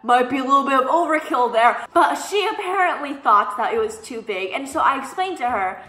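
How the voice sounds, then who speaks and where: Bright, animated young woman telling stories. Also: sits high, brisk. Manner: animated and sassy, mimics people she quotes. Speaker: vlogger. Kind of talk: casual storytime chat. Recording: echoey room, faint background music.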